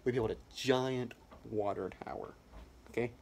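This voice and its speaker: A young man giving a rambling, absurd mock campaign speech in a deadpan, blustering way. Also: mid-range voice, a little slow, slight background noise. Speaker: comedian.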